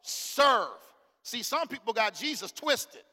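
A middle-aged pastor preaching with a high, bright, forceful voice. He delivers his sermon in a loose, slang-filled way and keeps calling out to the congregation. His voice rings with the long reverb of a church hall. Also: moderate pace. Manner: animated preaching, calls out to the congregation. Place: church sanctuary.

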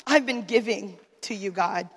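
A woman's voice: medium pitch, unhurried, slightly rough. Lady preaching her testimony, heartfelt storytelling, long reverb hanging in a big hall. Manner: emotional storytelling, talking straight to the listeners. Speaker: minister's wife giving testimony. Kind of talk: sermon testimony.

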